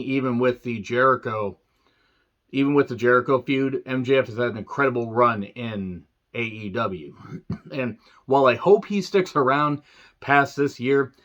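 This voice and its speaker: A tired man talks through a show recap in a loose, rambling way. He fills gaps with "you know" and clears his throat often, and he drops dry, wry asides. His voice sits at a middling pitch, and the audio sounds a little dull and lo-fi. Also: fairly bright tone. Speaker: wrestling show reviewer. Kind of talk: casual solo review recap.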